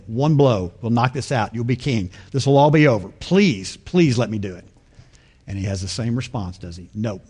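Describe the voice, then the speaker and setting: Male preacher, mid-pitched, chatty sermon delivery with rhetorical questions. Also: a little mellow. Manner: conversational, asks rhetorical questions.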